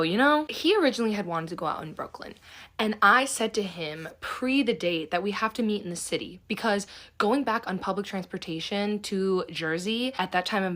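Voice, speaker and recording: A woman's voice: medium pitch, fairly bright tone. Young adult woman, storytime host, casual and profane with a sarcastic bite.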